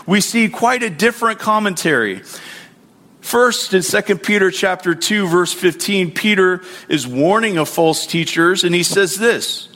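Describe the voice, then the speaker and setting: High-voiced man preaching a story. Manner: animated retelling with acted quotes and restarts. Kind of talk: sermon storytelling.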